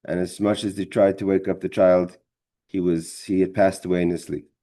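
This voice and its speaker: Low, mellow male Torah teacher. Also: flat delivery. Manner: halting, repeats words, many fillers. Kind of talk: storytelling in a religious class.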